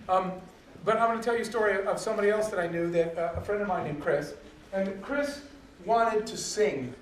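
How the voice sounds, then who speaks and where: A high-pitched man tells a motivational story to a live audience, acting out the quoted dialogue in it. His voice comes from some distance off the mic and rings around an echoey hall. A faint noise hums underneath. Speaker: speaker.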